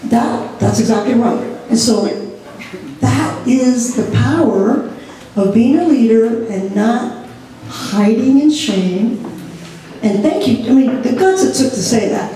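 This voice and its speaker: A woman leading a church training session, lively and laughing as she acts out examples. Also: fairly high pitch, slow pace. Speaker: ministry group leader trainer. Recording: echoey room, mic far off.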